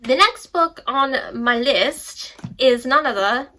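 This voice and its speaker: A woman's voice: sits high, expressive, slow pace, hardly any pauses, sharp tone. A young woman chatting casually about books she read, rambling with playful asides. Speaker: book vlogger. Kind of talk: casual book review chat.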